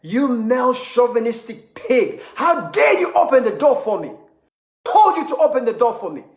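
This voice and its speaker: A man voicing an indignant woman who shouts and scolds at a man for opening her car door. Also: extremely high pitch, sing-song, moderate pace, exaggerated voice. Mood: outraged. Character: indignant woman furious at chivalry. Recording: echoey room.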